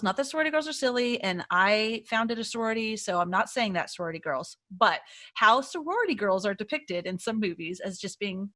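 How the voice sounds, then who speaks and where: A woman's voice: medium pitch, a little fast. A woman co-hosting a podcast, chatting casually and animatedly as she reviews a film. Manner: chatty, animated retelling with acted-out reactions. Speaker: podcast co-host.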